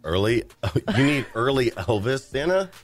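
A man's voice: mid-range voice, big pitch swings, normal speed. A man on a radio show making dry, wry jokes with his co-hosts, with faint music behind. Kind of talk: casual radio banter.

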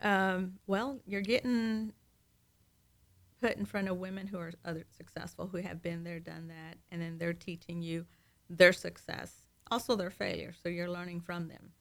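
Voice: medium pitch, little pitch movement, moderate pace, vocal fry. A guest on a casual talk show who often chimes in with short affirmations. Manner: frequent affirming backchannels.

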